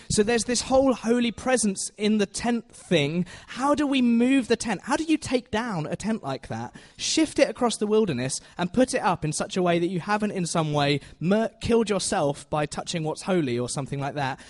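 A man's voice: high-pitched, animated, normal speed, hardly any pauses. A man giving a chatty, self-deprecating Bible teaching in a church, often asking the audience questions. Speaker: preacher.

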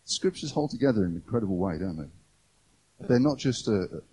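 A man preaches in church with a mellow, husky voice. He keeps it conversational and often turns questions straight to the congregation. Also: lowish voice, sing-song, normal speed. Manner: conversational, asks the audience questions. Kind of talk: sermon.

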